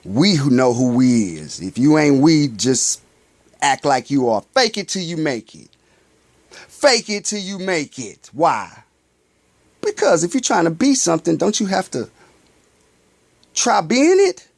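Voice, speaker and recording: Man, fairly high, very lively swings; casual spiritual monologue with self-answered questions; dry close sound. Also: measured pace, no echo. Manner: poses rhetorical questions and answers them himself; loose, slangy street talk. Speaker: spiritual vlogger.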